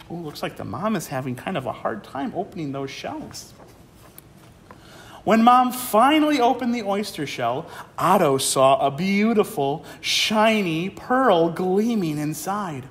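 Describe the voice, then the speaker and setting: In a museum program room, a male museum educator reads a picture book aloud to young children, warm and encouraging. His voice sits high and sing-song, a little slow, and the sound is roomy.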